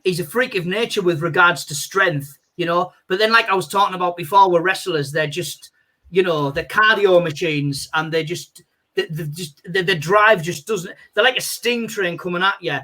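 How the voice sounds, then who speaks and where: A male comedian, a guest on a video call, chatting casually in a rambling, animated way full of "you know". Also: high-pitched, moderate pace.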